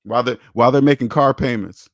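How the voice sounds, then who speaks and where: A man's voice: mid-range voice, fast, no room sound. Blunt man hosting a money Q&A stream; preachy and profane, voice jumps up when he mocks, dry close mic. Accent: American English. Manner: blunt, preachy, swears for emphasis; repeats himself, rises sharply when mocking. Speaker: personal finance show host. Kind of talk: live Q&A stream, answering chat.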